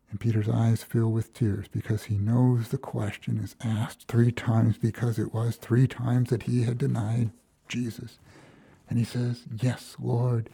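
A man's voice: medium pitch, gravelly, mellow, slightly rough, dry recording. A man from Minnesota preaching a reflective, storytelling sermon as a pastor, acting out the quoted lines.

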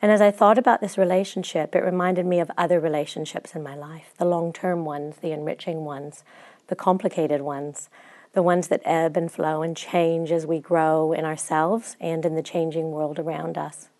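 A woman's voice: low voice, fairly even intonation, moderate pace, darkish tone. A middle-aged woman from Chicago with an American accent, giving a reflective prepared speech as guest speaker. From Chicago, USA.

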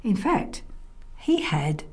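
A woman storyteller narrating a children's tale, expressive and often dropping to a soft whisper. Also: medium pitch, slow. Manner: softly whispered in places, expressive.

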